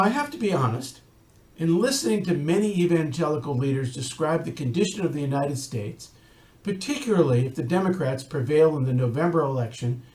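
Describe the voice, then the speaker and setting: Higher-voiced man giving an earnest talk. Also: a little mellow, reverberant. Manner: earnest, storytelling with wry asides. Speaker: rabbi. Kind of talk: recorded talk with storytelling.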